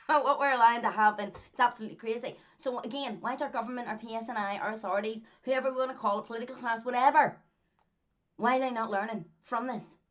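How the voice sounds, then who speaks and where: A woman's voice: fairly high pitch, fairly even intonation, fast talker, highs cut off. A Northern Irish woman, a former track athlete, talking to camera in a casual monologue, hammering her points with repetition and frequent laughs. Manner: emphatic, repeats points, laughs often.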